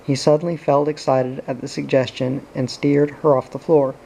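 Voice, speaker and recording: A man reading a novel aloud in a steady, understated way. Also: medium pitch, moderate pace, gravelly, a little hiss or hum, low-quality recording. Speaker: audiobook reader.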